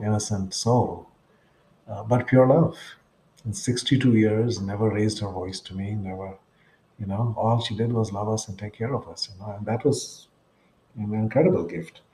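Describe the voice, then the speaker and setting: A man in his sixties recounts personal experiences as a podcast guest, earnest and reflective. He often checks in with the listener by adding "right?". His voice sits a little low and sounds mellow, and a roomy echo hangs around it. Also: slight background noise. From India. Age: 60s. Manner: earnest, tags phrases with "right?".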